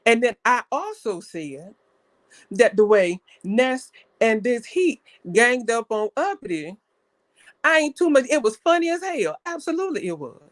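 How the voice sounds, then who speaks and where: A woman's voice: on the high side, very animated, measured pace, no room sound, studio quality. A young woman hosting a live online panel, telling stories in a casual, chatty way and defending herself. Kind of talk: casual talk on a live stream.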